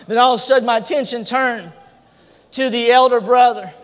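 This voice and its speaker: High-voiced man preaching in a hall. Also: steady tone, fairly quick. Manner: emphatic preaching, climbs into shouted repetitions. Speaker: pastor. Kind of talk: sermon. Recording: long hall reverb.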